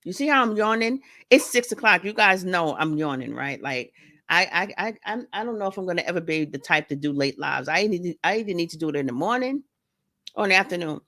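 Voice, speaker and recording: A woman's voice: fairly low pitch, lively intonation, a little fast, pushed and bright. A woman hosting a casual livestream from home, chatting with viewers, greeting them by name and joking around. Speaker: livestream host and author. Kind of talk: casual live-stream chat.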